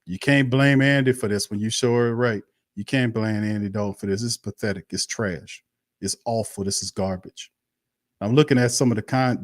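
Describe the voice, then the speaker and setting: A man's voice: medium pitch, no echo, studio quality. A man hosting a live sports stream, ranting bluntly and profanely, repeating himself in heated bursts. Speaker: sports show host.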